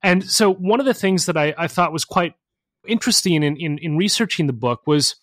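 A male academic explains his research with lively energy, his voice set a bit higher than average. He restarts phrases as he thinks aloud. The recording is close and dry. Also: fairly quick, dry recording. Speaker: guest, professor and author. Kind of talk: conversational interview answers.

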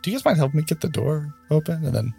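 A man acting as game master, chatting casually with players and narrating the scene slowly and dramatically. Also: fairly high pitch, animated, creaky, warm tone, husky, soft background music. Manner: slow, deliberate dramatic narration.

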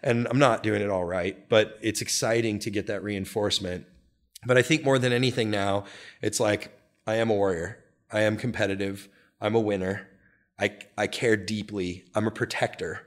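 A man speaking candidly as an interview guest, earnest and animated, sometimes rising into excited bursts. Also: on the low side, normal speed. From United States. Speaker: guest, real estate brokerage founder.

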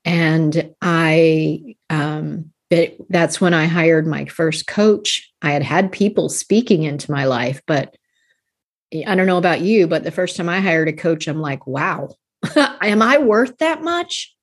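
A woman's voice: low-pitched, fairly even intonation, unhurried. A woman in her fifties, a life coach guest on a podcast, talking earnestly and casually and laughing often between thoughts. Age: 50s.

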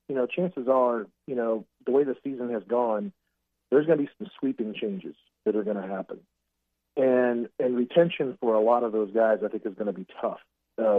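A man's voice: medium pitch, no room sound. Guy on a dry phone line, rambles on casually about recruiting. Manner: rambling, animated storyteller. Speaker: recruiting analyst guest. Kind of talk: casual podcast chat by phone. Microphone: phone call.

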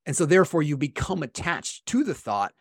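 A man co-hosting a podcast, explaining meditation in a relaxed conversational way, often checking in with "right?" and acting out his inner dialogue. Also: fairly high pitch, fairly quick, gravelly, no room sound, studio quality. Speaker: podcast co-host teaching meditation. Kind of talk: casual explanatory podcast talk.

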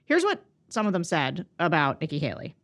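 A woman co-hosting a podcast in casual political chat, animated and quick, often cutting herself off mid-sentence. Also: deep voice. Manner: animated, quick, self-interrupting. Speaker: podcast co-host.

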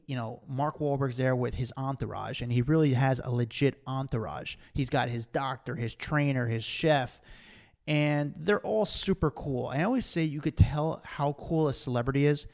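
A man's voice: mid-range voice, a little mellow. A man hosting a podcast, telling rambling stories full of fillers in a casual chat. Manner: rambling storyteller, filler-heavy. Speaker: podcast host.

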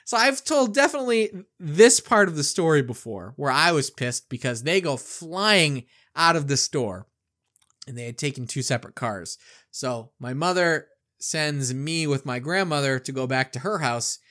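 A middle-aged man co-hosting a podcast, telling a childhood story in a casual, animated way and acting out the quotes. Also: on the high side, moderate pace. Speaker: podcast co-host.

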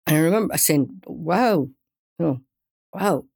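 An older woman from Wales, a guest singer, telling an anecdote in a casual interview, animated and often laughing. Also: sits low, measured pace, vocal fry, husky. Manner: animated storyteller, laughs often, restarts mid-sentence.

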